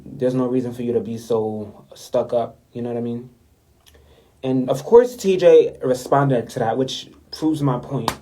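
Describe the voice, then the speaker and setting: A man's voice: mid-range voice, a little slow, mellow, poor audio. A young man ranting in a story-time vlog, indignant and repetitive, talking straight to his viewers. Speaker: vlogger. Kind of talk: story time rant to camera.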